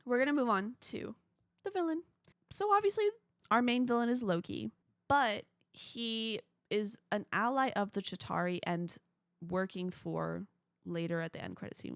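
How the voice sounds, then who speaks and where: A young woman talking on her podcast in a gushing, chatty way, her voice full of vocal fry. She sounds close and dry, with no room sound around her. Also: medium pitch, no echo. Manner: gushing, chatty fan enthusiasm. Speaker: podcast host. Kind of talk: casual solo podcast chat.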